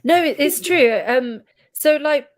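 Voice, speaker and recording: Woman, British accent, fairly high pitch, chatty, laughs a lot, podcast co-host. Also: takes it slowly. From England. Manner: chatty, laughs often, trailing restarts. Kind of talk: casual chat.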